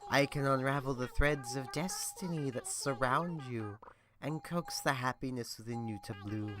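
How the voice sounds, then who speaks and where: A man's voice: medium pitch, expressive, normal speed, background noise, natural voice. A man reading the lines of a solemn mystic fortune-teller in an ornate, theatrical way.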